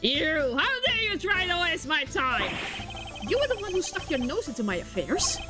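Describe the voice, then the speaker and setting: A woman's voice: very high voice, very animated, moderate pace, over loud music. A woman voicing a haughty, wealthy male art dealer who talks in a pompous, arrogant way.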